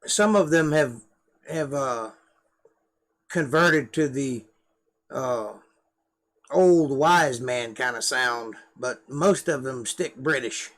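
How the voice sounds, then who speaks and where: A man's voice: medium pitch, slow pace, long pauses, fairly bright tone. A middle-aged man with a Georgia Southern drawl, rambling and self-deprecating in casual live-stream chat to camera. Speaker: live-stream host, musician.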